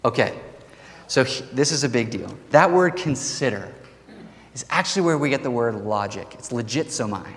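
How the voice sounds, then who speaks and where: A man preaching a sermon as pastor, animated and emphatic, with rhetorical questions to the congregation. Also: medium pitch, moderate pace. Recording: long hall reverb.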